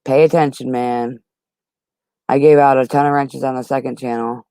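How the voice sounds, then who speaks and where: A man's voice: medium pitch, level tone, moderate pace, mellow, smooth, dry recording. A man hosting a livestream, arguing with chat in a heated, profane, casual way. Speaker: livestream host.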